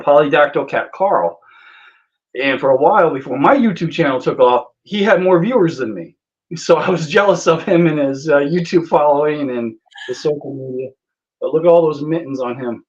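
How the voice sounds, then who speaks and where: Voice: mid-range voice, a little fast. Tender guest on a dull call line. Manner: warm, tender storytelling, choked up at times. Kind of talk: casual video-call chat.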